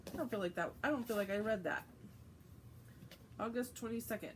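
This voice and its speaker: A woman's voice: mid-range voice, lively intonation, normal speed, vocal fry, a little hiss or hum, rough recording. A woman hosting a casual vlog, reading aloud from a book and chatting, with frequent fillers and self-corrections. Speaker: host.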